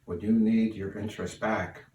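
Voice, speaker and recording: A man's voice: lowish voice, fairly even intonation, normal speed, mellow, highs cut off, close to an everyday voice. A man playing a cocky teenage cousin. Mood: confident. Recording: roomy, distant mic, faint hiss.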